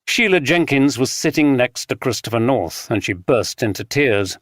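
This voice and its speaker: A man narrates a mystery audiobook in an even, measured read. His voice sits at a middle pitch, and the recording is close and dry with no room sound. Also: no room sound. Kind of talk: scripted narration.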